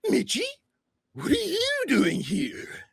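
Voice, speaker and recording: A man voicing a sinister, mock-friendly clown creature in a tabletop game, with a creepy sing-song delivery that swings from shrill to hushed. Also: wildly swooping pitch, slow, gravelly, slightly rough, no room sound, studio quality, heavily acted. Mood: shrill mock-cheer.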